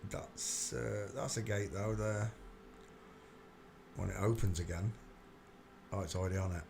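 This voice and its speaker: A man's voice: lowish voice, fairly even intonation, unhurried, gravelly, noisy background. Muttering man on a livestream. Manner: mutters to himself while clicking through searches. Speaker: livestream host. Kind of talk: casual live-stream commentary.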